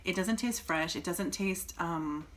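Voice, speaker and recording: A woman co-hosting a casual food-tasting chat, blunt and animated as she complains about what she eats. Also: lowish voice, unhurried. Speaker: co-host of a vegan food review channel.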